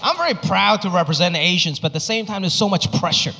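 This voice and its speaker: A man performing a stand-up comedy set, telling stories and acting out his bits with animated delivery. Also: sits high, quick pace, gravelly, noisy background. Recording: live stage recording in a reverberant hall.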